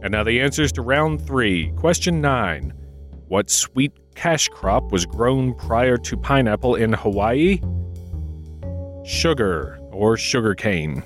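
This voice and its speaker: A man's voice: mid-range voice, animated, takes it slowly, soft background music. A man co-hosting a trivia podcast, reading out questions and bantering in a playful, jokey manner.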